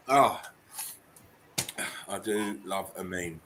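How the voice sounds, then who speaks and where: A man's voice: sits low, extremely slow. A man hosting his channel, reading memes aloud and reacting with chuckles and casual swearing. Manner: chuckling, banter-heavy, swears freely. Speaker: channel host. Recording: steady background hiss.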